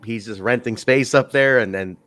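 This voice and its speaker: A man co-hosting a casual wrestling review chat, telling stories in a rambling, animated way. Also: mid-range voice, moderate pace, no room sound. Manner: rambling, animated storytelling with laughs. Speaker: podcast co-host reviewing wrestling.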